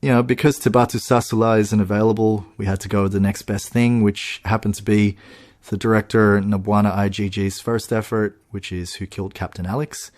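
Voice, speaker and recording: A man co-hosting a podcast, chatting in an animated way with laughs and restarts. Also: lowish voice, a little fast. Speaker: podcast co-host. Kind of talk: casual chat. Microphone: podcast microphone.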